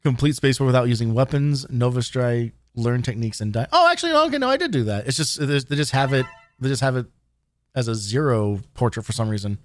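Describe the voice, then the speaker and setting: A man giving casual, animated commentary while streaming a game, swearing freely and laughing easily. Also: mid-range voice, fast. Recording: game music behind the voice. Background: game music.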